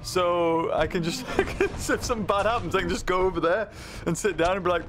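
A man giving chatty, excitable let's-play commentary from his desk, laughing often into a microphone through a mixer. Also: high-pitched, brisk, soft background music. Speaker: gaming video creator. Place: home desk setup.

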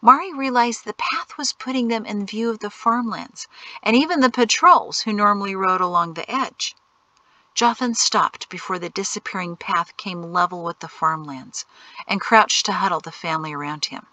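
A woman narrating an audiobook in a measured storytelling manner, dropping into hushed whispers at tense moments. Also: medium pitch, no echo. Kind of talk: scripted narration.

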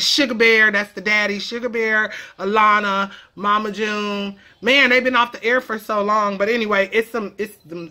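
A woman from California talking in a playful, slangy way as a comedic vlogger teaching a lesson. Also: fairly high pitch. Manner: playful, animated, slangy, jumps into character voices.

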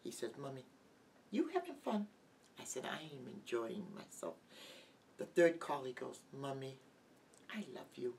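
Middle-aged woman guest, halting heartfelt testimony, mic set back with faint hiss. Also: rumbling low, sing-song, darkish tone. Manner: halting, heartfelt, with many restarts. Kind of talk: emotional personal testimony. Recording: distant mic with light background noise.

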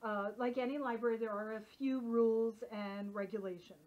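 A woman leading a workshop, talking in a chatty, animated way full of casual fillers. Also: fairly high pitch, fairly quick. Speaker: workshop leader. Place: workshop room. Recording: dull lo-fi recording.

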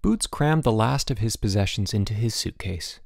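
Guy reading an audiobook, gravelly voice, lively ups and downs. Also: lowish voice, moderate pace, a little hiss or hum. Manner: expressive storytelling. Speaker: audiobook narrator. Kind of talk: scripted narration.

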